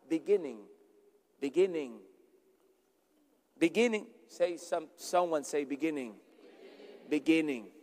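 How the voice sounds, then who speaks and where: A pastor preaching a sermon emphatically, repeating words for stress. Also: male voice, high-pitched, darkish tone. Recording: long reverb in a large hall.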